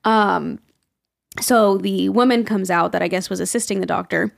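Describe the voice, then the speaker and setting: A woman's voice: medium pitch, moderate pace, gravelly. A young woman co-hosting a podcast, telling a story in casual chat, acting out the people she quotes and laughing often. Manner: animated, acts out quoted people in raised voices, laughs often. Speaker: podcast co-host.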